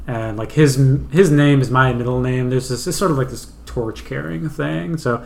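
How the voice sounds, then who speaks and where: A man's voice: medium pitch, moderate pace, creaky, a little hiss or hum. A young man co-hosting a podcast, telling stories in a chatty way. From Canada. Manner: chatty storyteller, many fillers. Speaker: podcast co-host. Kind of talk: casual chat.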